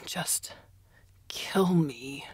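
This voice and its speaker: A woman voicing a cruel female interrogator who speaks in slow, menacing whispers. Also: on the low side, lively intonation, vocal fry, darkish tone, husky, dry recording, full character voice. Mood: cold menacing.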